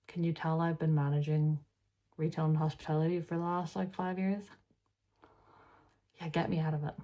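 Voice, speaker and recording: Irish woman in her twenties, lowish voice, tired and chatty, reads posts aloud with wry asides. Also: level tone, moderate pace, pauses often, dark tone. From Ireland. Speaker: vlogger. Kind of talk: casual reaction vlog, reading posts aloud.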